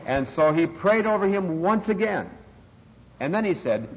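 A man's voice: medium pitch, lively intonation, a little fast. An older man preaching an expository sermon, stressing key words and rising sharply for emphasis. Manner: emphatic, dramatic rises on scripture quotes. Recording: dull, lo-fi, long reverb in a hall.

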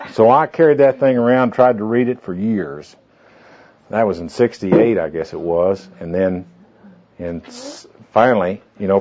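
A man leading a small group through a goal-setting handout, talking in a folksy, rambling way with fillers and asides. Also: mid-range voice. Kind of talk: informal classroom talk with anecdotes. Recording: dull lo-fi tape recording.

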